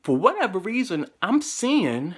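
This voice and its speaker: Animated profane man telling a story. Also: measured pace, breathy edge. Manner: animated, profane, swings into high excited quoted voices. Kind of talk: storytelling vlog.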